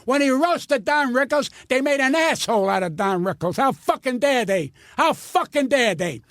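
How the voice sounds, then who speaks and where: High-voiced older man ranting profanely. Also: lively intonation, normal speed, fairly bright tone, no room sound, clean studio sound. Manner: profane, indignant, stammering. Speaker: guest comedian. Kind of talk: ranting storytelling.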